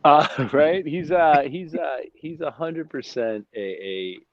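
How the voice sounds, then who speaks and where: A man, a brewery owner, chatting as a guest and telling animated jokey stories over a phone. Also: a little high, slow, slight background noise. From United States. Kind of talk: casual chat over a phone line. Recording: muffled dry phone-call audio.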